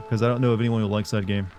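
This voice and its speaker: A man's voice: lowish voice, level tone, a little fast, darkish tone, soft background music. A young man streaming a game live, chatting casually to his viewers in a rambling way full of fillers. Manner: rambling, talks to chat with many fillers. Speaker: livestreamer. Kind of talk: casual live gameplay chat.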